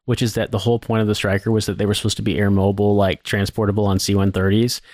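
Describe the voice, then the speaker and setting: A man's voice: fairly low pitch, flat delivery, fast talker, darkish tone, dry recording, studio quality. A man co-hosting a podcast, rambling in a casual, profane way with lots of fillers. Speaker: podcast co-host. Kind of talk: casual chat.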